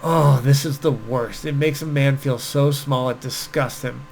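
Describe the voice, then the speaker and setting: A man's voice: mid-range voice, fairly even intonation, a little slow, vocal fry, a little mellow, a little hiss or hum, rough recording. A man talking as a dating coach, telling stories and giving advice in a casual, chatty way with frequent fillers. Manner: casual, storytelling, many fillers. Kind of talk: direct-to-camera advice talk.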